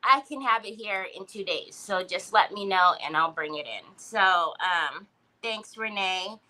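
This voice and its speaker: A woman's voice: medium pitch, a little slow, sharp tone, poor audio. A woman hosting a casual craft livestream, greeting viewers by name and laughing often. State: recovering from a headache.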